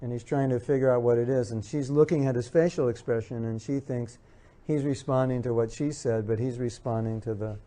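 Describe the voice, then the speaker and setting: A man's voice: mid-range voice, steady tone, fairly quick, hardly any pauses, dark tone. A man giving an earnest lecture on marriage to an audience, repeating his key points and acting out what spouses say. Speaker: speaker giving a talk on marriage. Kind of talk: spiritual lecture with audience questions.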